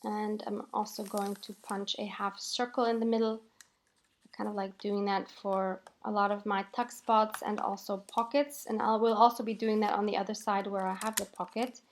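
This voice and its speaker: A woman calmly narrating a voiceover for her crafting video, explaining each step with light laughs. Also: medium pitch, normal speed. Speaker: craft channel host.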